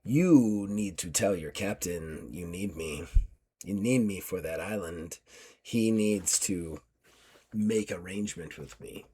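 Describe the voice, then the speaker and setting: A man voicing a tough, muscular woman fighter who speaks in halting, broken sentences. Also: mid-range voice, a bit bright. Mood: menacing.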